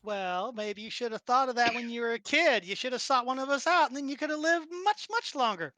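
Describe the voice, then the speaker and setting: Brief: bouncy teasing spirit girl, voiced by a woman, lively pitch, dry close sound. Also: a little fast, dry recording. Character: playful young female spirit Yuki, immortal body-hopper.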